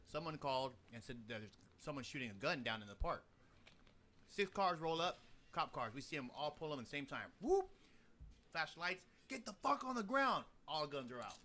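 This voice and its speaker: A young adult man in casual chat, telling an animated story full of swearing and acted-out sound effects. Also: medium pitch, brisk. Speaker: podcast co-host.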